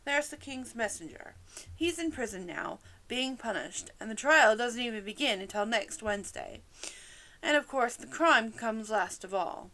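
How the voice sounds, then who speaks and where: A woman's voice: a little high, lively intonation, moderate pace, pushed and bright, rough recording. Storybook read-aloud: a scatterbrained, fretful old queen, voiced by a woman, fluttery and wailing. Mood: explaining. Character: flustered, scatterbrained old queen, fussy and dramatic.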